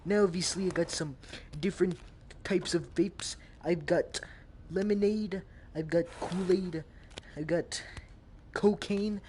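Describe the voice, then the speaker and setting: A man's voice: high-pitched, steady tone, slow, darkish tone, slight background noise. Young man rambling over gameplay. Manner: joking, rambling, swearing. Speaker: gamer. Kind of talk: casual VR gameplay commentary.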